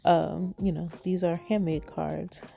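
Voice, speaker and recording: Woman crafter, casual craft voice-over, warm low voice with a gravelly edge, chatty and rambling. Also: fairly even intonation, a little slow, soft background music. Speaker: card-making crafter.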